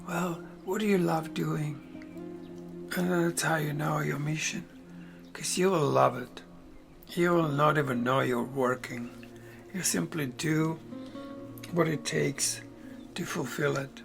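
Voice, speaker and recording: A man, a podcaster giving a reflective spiritual talk, unhurried and soft-spoken, often drifting into near-whispers. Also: a little high. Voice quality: gravelly. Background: faint music.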